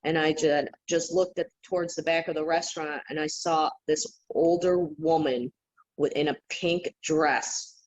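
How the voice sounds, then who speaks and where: A woman guest on a podcast, telling stories in an animated, casual way and laughing often. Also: low-pitched, a little slow. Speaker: podcast guest, psychic healer. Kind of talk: casual interview storytelling. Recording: dull lo-fi remote audio.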